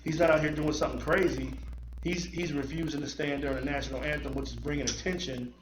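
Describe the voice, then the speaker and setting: A man's voice: fairly high pitch, steady tone, fast, a little hiss or hum. A man hosting a podcast in casual chat, earnest and emphatic, building his argument point by point. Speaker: podcast host. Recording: echoey room.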